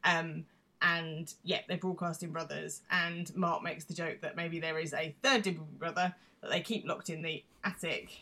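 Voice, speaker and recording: Chatty woman, lowish voice. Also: steady tone, normal speed, pushed and bright. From Britain. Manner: chatty and amused, explains British references. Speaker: podcast co-host. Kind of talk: casual podcast recap chat.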